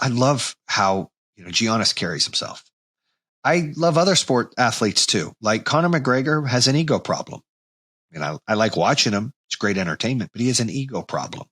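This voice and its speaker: A man's voice: lowish voice, no echo. A man in his forties hosting a podcast, giving a blunt motivational monologue with casual swearing. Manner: blunt, swears casually, animated when reenacting anger. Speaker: podcast host.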